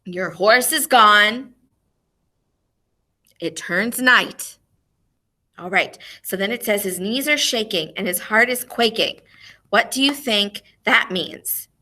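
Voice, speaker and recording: A woman teaching a music lesson to young children online. She speaks expressively and clearly, asking questions and then answering them herself. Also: medium pitch, takes it slowly, long pauses, bright, forceful tone.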